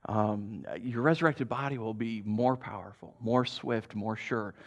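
Animated man preaching a casual sermon. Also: lowish voice, unhurried. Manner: animated, chuckles often, keeps asking "right?". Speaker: pastor.

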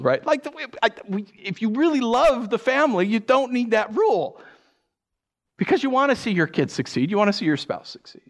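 A middle-aged man giving a sermon as a pastor, telling stories with animated energy, acting out scenes with sound effects and often restarting his phrases. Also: extremely high pitch, brisk. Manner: repeats words, restarts phrases.

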